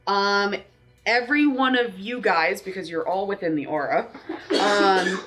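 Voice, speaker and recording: A woman's voice: mid-range voice, unhurried, a bit bright, faint music behind, rough recording. A woman player explaining her turn in a tabletop game, hesitant and full of ums and restarts.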